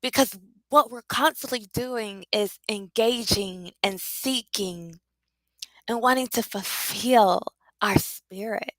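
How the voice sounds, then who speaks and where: Bright, dry-voiced emotional woman teaching. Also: medium pitch, slow, no echo, poor audio. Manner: emotional, preacherly, repeats for emphasis. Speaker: leadership coach. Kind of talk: spiritual leadership teaching.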